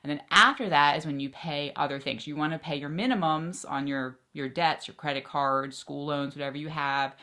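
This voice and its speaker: A woman giving chatty, excitable budgeting advice straight to her viewers as a personal finance vlogger. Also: deep voice. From Philadelphia area. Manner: chatty, excitable, quick asides. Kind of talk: casual talk to camera.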